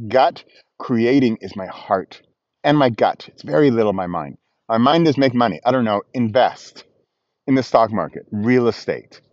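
A man talking as he walks outdoors, lively and self-mocking. His voice sits in a middle register and sounds close and dry, with a slightly dull, muffled quality. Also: mid-range voice, dry recording. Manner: animated, playful, laughs at himself. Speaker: vlogger. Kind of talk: walking vlog, casual monologue. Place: outdoors, walking.

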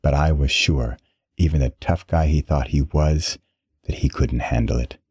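A man reading a dramatic first-person story aloud in a measured way. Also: extremely low pitch, darkish tone, husky, no room sound, studio quality. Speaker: narrator.

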